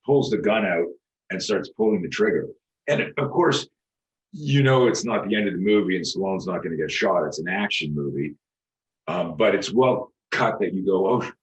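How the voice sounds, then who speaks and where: A man's voice: low-pitched, low-quality recording. A man who teaches self-defense, telling stories on a podcast with intense, repetitive emphasis. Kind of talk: casual podcast storytelling.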